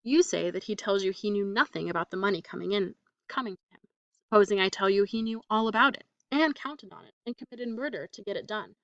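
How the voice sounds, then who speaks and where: A woman reading the part of a cold, composed foreign wife who speaks with clipped, deliberate emphasis. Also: mid-range voice, no echo, distant mic, lo-fi sound. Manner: calm, clipped, coldly emphatic. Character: cold, foreign young wife, controlled and bitter.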